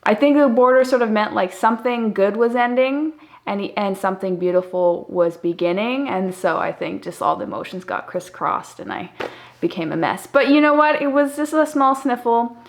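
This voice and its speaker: A woman's voice: fairly high pitch, moderate pace. A young woman telling her travel story in an easygoing vlog voice. She talks in a chatty, upbeat way and fills her sentences with "like". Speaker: travel vlogger. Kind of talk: casual vlog narration.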